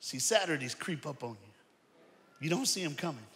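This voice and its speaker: Guy preaching loud and lively, kinda high voice, big echoey church. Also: normal speed. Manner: animated, shouting preaching with crowd call-outs. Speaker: guest preacher. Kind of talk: energetic sermon. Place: large church auditorium. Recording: long hall reverb.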